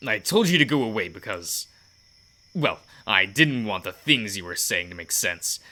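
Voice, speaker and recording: A man voicing a gruff, guarded young male biker who swears bluntly and speaks in halting bursts. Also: fairly low pitch, big pitch swings, pushed and bright. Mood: brooding. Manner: blunt, curses, halting apologies.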